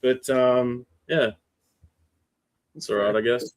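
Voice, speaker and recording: An Australian man in casual podcast chat, swearing freely as he tells an animated story. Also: medium pitch, takes it slowly.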